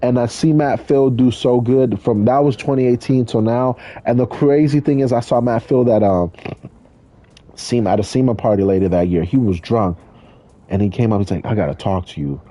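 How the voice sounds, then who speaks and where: Blunt, profane man from California, casual storyteller; husky, mellow tone. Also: mid-range voice, moderate pace. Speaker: drift driver and streamer. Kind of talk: casual storytelling while gaming.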